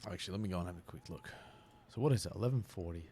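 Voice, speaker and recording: A man's voice: low voice, racing, warm tone, slightly rough. A man, chatting casually on a live stream while he plays, often laughing and repeating words.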